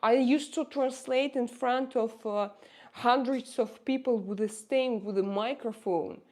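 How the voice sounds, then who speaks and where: A woman's voice: on the high side, measured pace, a little mellow. A woman in her forties with a Russian accent, talking casually to her livestream viewers, hesitating often with fillers and restarts. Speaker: livestream host.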